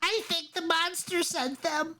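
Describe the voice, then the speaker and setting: A man's voice: very high-pitched, fairly even intonation, measured pace, pushed and bright, voice pushed up, heavily acted. Man voicing a sulky little boy. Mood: suspicious. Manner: sulky and wary. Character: sulky, distrustful little boy, about five.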